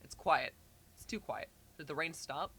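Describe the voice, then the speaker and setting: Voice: medium pitch, normal speed, a bit bright, breathy edge. A streamer with a slightly strained throat, reading a second-person story aloud and breaking off to baby-talk a pet cat. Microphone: headphones and desk mic.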